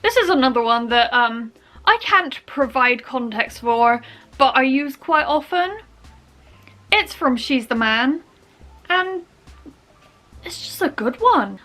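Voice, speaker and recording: A young woman chatting casually in her vlog, jumping into loud quoted film lines. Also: sits high, sing-song, slow pace. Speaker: vlogger.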